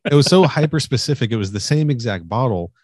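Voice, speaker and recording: A man's voice: medium pitch, animated, fast talker, a little mellow, dry recording, clean studio sound. A man co-hosting a podcast in casual chat, telling stories in a laid-back way that trails off with "you know?". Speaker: podcast co-host.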